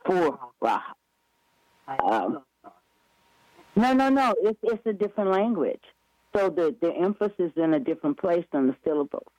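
A man's voice: fairly high pitch, lively intonation, fairly quick, dark tone, no room sound, rough recording. A man chatting eagerly as an interview guest, rambling with many restarts and self-corrections. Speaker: guest promoting upcoming events. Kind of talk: casual radio interview chat.

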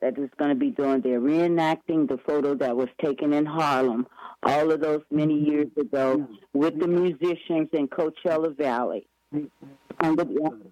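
Eager rambling man, fairly high voice. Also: moderate pace, a little mellow, no room sound, muffled recording. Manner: eager and rambling, with many restarts. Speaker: guest promoting upcoming events. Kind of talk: casual radio interview chat.

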